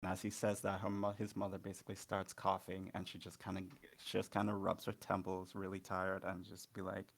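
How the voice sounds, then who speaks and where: A man's voice: low-pitched, completely flat delivery, a little fast, gravelly, few pauses. A man playing a tabletop game, narrating his character in a loose, hesitant way with many fillers. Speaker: player.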